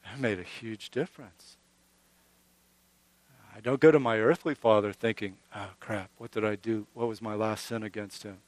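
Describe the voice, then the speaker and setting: A man's voice: lowish voice, steady tone, normal speed, long pauses, dry recording. A middle-aged man preaching a sermon as pastor, earnest and conversational, often restarting and building emphasis.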